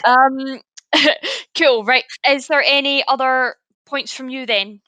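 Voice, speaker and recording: A woman's voice: sits high, steady tone, slow pace, bright, forceful tone, dry recording. A Scottish woman co-hosting a fan podcast, chatting casually, swearing freely and laughing often. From Scotland. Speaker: podcast co-host. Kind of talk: casual chat.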